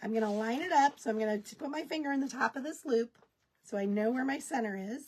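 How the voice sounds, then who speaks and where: A woman's voice: fairly high pitch, fast, darkish tone. A woman hosting a live craft tutorial, chatting folksily with viewers as she works. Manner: baby talk to her dogs. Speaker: craft kit host.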